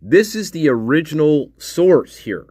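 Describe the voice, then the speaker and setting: A man's voice: a little high, very animated, a little slow, darkish tone, a little hiss or hum. A man hosting a livestream, rambling casually with profanity and frequent laughter. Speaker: livestream host.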